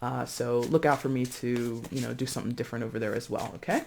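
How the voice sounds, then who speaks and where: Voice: medium pitch, fast, vocal fry, a little hiss or hum. Chatty tarot reader giving a casual card reading, lots of ums and likes, talks like chatting with friends. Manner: chatty and expressive, with many fillers and restarts; breezy, addresses viewers as friends.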